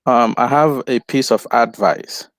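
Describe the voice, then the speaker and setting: A man calling in to give advice, talking haltingly with many pauses. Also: medium pitch, a bit bright, slight background noise. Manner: halting, hesitant, with fillers. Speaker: caller. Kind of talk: call-in advice.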